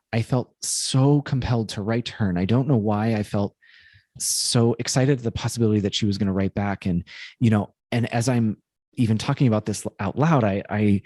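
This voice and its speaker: A man with a very low voice tells a personal story on a podcast, pausing and restarting as he thinks it through. The sound is dry and close, with no room echo. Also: a little mellow. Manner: thoughtful, halting, many restarts. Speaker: podcast co-host. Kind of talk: casual storytelling chat.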